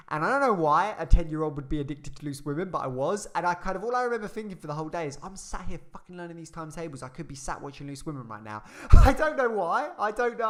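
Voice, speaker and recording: Young guy rattling off a story super fast, kinda high voice, swears a lot. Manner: rambling, sweary, animated retelling. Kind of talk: casual storytime.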